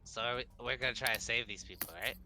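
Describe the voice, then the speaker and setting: A man playing a tabletop game, casual and quick to swear. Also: medium pitch. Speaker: player. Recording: faint music behind.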